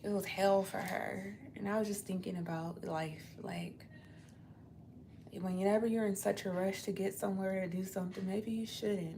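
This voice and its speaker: Laid-back gravelly-voiced young woman. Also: mid-range voice, fairly even intonation, unhurried, a little mellow, slight background noise. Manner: laid-back, rambling, slangy. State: tired. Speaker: livestream host. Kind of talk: casual livestream chat. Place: her apartment.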